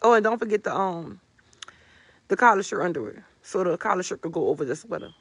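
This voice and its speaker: A woman's voice: on the low side, lively intonation, a little fast, slightly rough, no echo. A woman from New Orleans answering on a livestream with mocking, profane, repetitive taunts. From New Orleans, USA.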